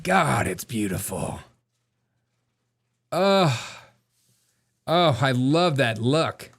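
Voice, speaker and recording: A man's voice: medium pitch, very animated, drawn-out words, a little hiss or hum. A man co-hosting a comedy show, mocking video clips with frequent laughter. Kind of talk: casual commentary on video clips.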